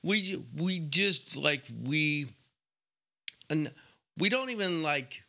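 A man's voice: a little high, slow, pushed and bright. A man from eastern Washington, a stand-up comedian guest in casual chat, rambling with lots of restarts. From eastern Washington, USA.

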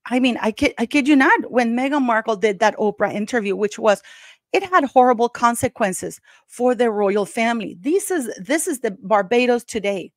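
A woman's voice: fairly high pitch, expressive, normal speed, no room sound, studio quality. A woman hosting her own channel, giving heated, emphatic commentary and speaking straight to her viewers as "guys". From Canada. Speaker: YouTube channel host.

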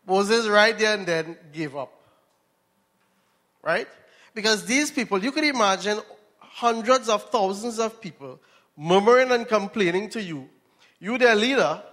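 A man's voice: high-pitched, a bit bright. A Trinidadian man preaching a sermon, telling a story and asking his listeners questions. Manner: storytelling, asks the audience questions. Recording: long reverb in a hall.

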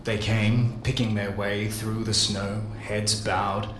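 Slow, solemn man reading lore. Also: on the low side, level tone, noisy background. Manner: slow, solemn first-person narration. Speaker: narrator. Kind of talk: dramatic reading of a game lore journal. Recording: echoey with ambient music behind. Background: faint dark ambient music.

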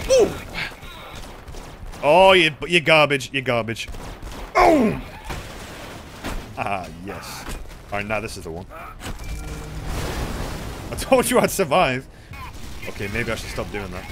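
Excitable young streamer man. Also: medium pitch, slow, long pauses, over music. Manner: excitable, swings into loud yelps and laughs. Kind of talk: gaming stream commentary.

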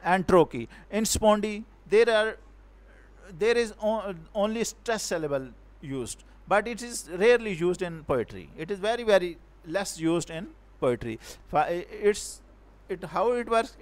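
Male teacher, high-pitched voice, halting lecture on verse meter, frequent restarts. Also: expressive. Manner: halting, repeats and self-corrects words; non-native English grammar.

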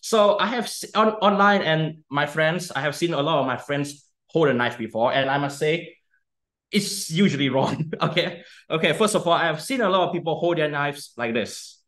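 A young man walks through a cooking demonstration in a chatty, easygoing way, checking in with "okay?" after nearly every step. His voice sits a little high for a man. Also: normal speed, fairly bright tone. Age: young adult. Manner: chatty, repeats "okay?" often.

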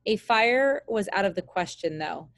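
Brief: woman teacher reading aloud, mid pitch, dry close sound, steady and plain. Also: a little slow, no echo. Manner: steady, plain read with small slips. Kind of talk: reading a children's book aloud.

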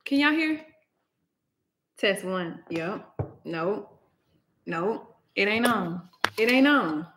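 A woman's voice: medium pitch, expressive, slow, pauses often, fairly bright tone, slight background noise. A young woman hosting a casual livestream, chatty and exclaiming, often laughing, talking into a laptop microphone. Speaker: livestream host.

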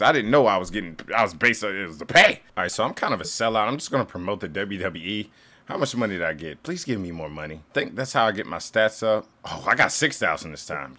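A young man commentating his own wrestling video game play, with loud, excitable yelling and jokey trash talk. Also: lowish voice. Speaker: gaming YouTuber.

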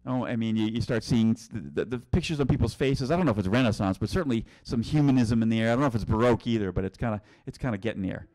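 A man's voice: fairly low pitch, racing, hardly any pauses, warm tone. A middle-aged man from New England giving a casual virtual tour, rambling with many restarts and chuckles. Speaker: tour guide and teacher.

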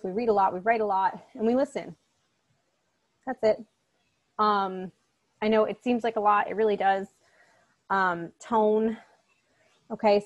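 A woman teaching a college English class in a recorded online lecture. She speaks at a middle pitch in a loose, chatty way and keeps checking in with her students. Her tone is direct but encouraging. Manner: casual and chatty, often checks in with "okay?".

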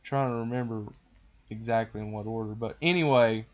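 A man hosting a podcast, casually retelling a cartoon plot in a rambling, animated way. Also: on the low side, a little fast, muffled recording. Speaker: podcast host.

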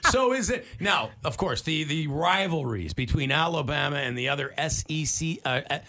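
A man's voice: on the high side, lively intonation, normal speed, heavy background noise. A man co-hosting a radio show, chatting in an upbeat, jokey way. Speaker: radio co-host. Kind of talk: casual chat.

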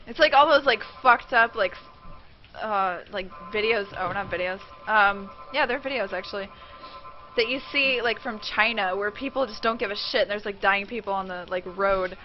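A woman's voice: mid-range voice, normal speed, faint music behind. A young woman streaming a game, reacting with swearing and panicked shrieks. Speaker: gaming streamer. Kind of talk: live game commentary. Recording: dull lo-fi stream mic with faint noise.

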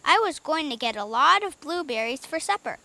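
A kind, motherly girl who soothes and reassures the younger children, read aloud by a woman. Her voice is high and bright with a gentle storybook warmth. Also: expressive, a little fast, vocal fry, exaggerated voice. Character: kind, motherly older sister Jessie.

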